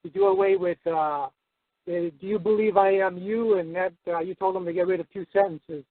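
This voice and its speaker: A male caller reading a prepared letter aloud, hesitant and halting. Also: high-pitched, animated, dry recording. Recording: tinny phone-line radio audio.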